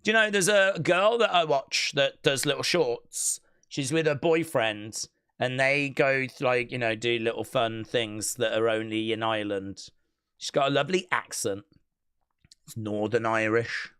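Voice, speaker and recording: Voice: medium pitch, a little slow, a bit bright, clean tone. A live stream host chatting casually during a watch-along, playfully reading out viewer comments. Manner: chatty, playful, reads chat comments aloud.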